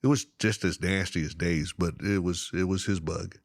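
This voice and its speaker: A middle-aged man telling fishing stories in casual chat, animated and laughing often, acting out the other people in them. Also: deep voice, moderate pace, no echo, studio quality. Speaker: guest. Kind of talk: casual storytelling.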